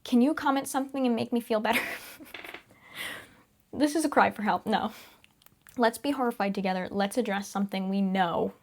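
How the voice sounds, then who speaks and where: A woman's voice: a little high, normal speed, pauses often. A young woman hosting a casual self-help talk, chatty and upbeat, laughing often and sometimes dropping to a whisper. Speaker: podcast host.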